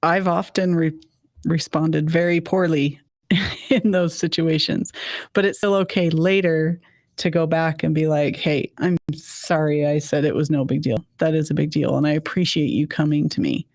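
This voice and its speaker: Gravelly-voiced woman co-host. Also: low-pitched, fairly even intonation, moderate pace, a little mellow, no room sound, clean studio sound. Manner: agreeable, reflective, chuckling. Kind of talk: casual advice chat.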